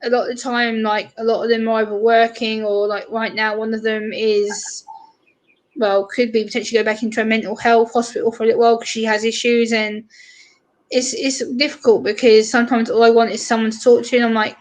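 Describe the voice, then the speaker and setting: On her livestream, a chatty British host plays out short back-and-forths with viewers, imitating other people in fast, bright voices. Her pitch is rather high but barely moves, and the audio quality is poor.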